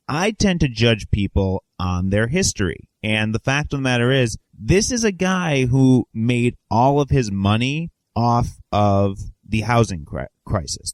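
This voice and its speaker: A man on a talk radio panel, explaining his views in a measured way. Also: medium pitch, no room sound, poor audio. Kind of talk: casual political talk radio banter.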